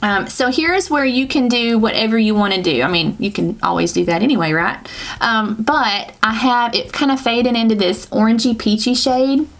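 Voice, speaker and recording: A beauty vlogger with a Southern US accent talks her way through a relaxed makeup tutorial, rambling, chatting, and laughing as she corrects herself. Her voice is fairly high-pitched, and she keeps a moderate pace.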